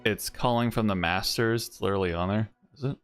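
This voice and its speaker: A man's voice: fairly low pitch, fairly quick, smooth. A man streaming a video game with casual, rambling, jokey commentary, often breaking into laughs. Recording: faint music underneath.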